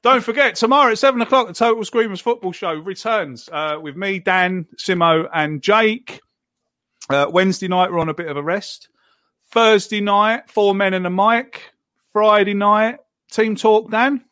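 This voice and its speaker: A man's voice: sits high, normal speed, bright, forceful tone, dry recording, clean studio sound. A man hosting a casual football podcast, chatting and moderating the live chat. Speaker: podcast host.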